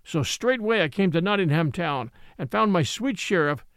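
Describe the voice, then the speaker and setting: A man voicing a fierce, menacing outlaw in an old tale, talking loud and harsh. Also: sits high, expressive, moderate pace, dry recording, studio quality. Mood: boastful. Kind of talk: audiobook character reading.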